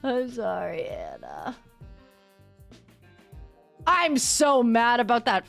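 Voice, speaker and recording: A young woman streamer chatting with her viewers while she plays, her voice bright and a little high. Her pitch leaps up and down as she talks, and she laughs a lot. Soft music plays behind her. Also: wildly swooping pitch, slow, creaky, pauses often. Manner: bubbly, laughs often, talks back to chat. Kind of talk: casual livestream chat while gaming.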